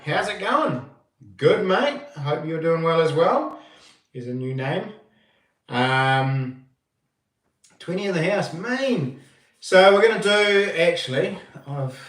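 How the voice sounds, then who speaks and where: A man's voice: on the high side, fairly bright tone, far from the mic. Laid-back New Zealand man in echoey room. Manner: greets viewers by name, slow and laid-back. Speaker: livestream host. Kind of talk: casual livestream chat. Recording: echoey room, voice a bit off-mic.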